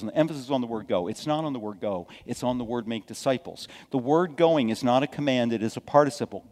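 A middle-aged man, a pastor, preaching a sermon with dramatic swings from hushed to loud and folksy asides. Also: mid-range voice, lively intonation, fast talker, hardly any pauses. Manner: folksy asides and repeated okays. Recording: long hall reverb from a church sanctuary.

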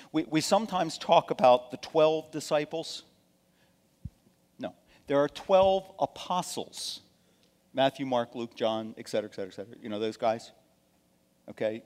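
A man with a fairly high voice preaches to his congregation in an easy, conversational way, stopping often to ask if they follow. His volume jumps from strong emphasis to hushed, almost whispered asides. The sound carries a long reverb from the church hall. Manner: swings between loud emphasis and soft, near-whispered asides. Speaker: pastor. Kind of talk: sermon. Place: church sanctuary.

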